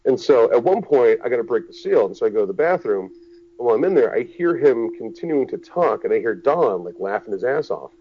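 A man's voice: medium pitch, brisk. Brief: male storyteller, casual and crude, does the voices of the people in his story, slightly muffled recording with faint hiss. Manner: animated, profane, acts out the people in his story.

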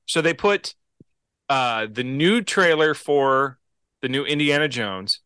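A man co-hosting a casual podcast chat, speaking in halting bursts with restarts. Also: medium pitch, lively intonation, sharp tone, clear, resonant tone, dry recording. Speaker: podcast co-host.

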